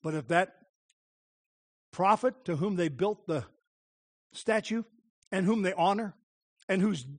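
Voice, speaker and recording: A man preaching a sermon as pastor, impassioned, moving from hushed tones to crying out. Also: high-pitched, a little slow, pauses often.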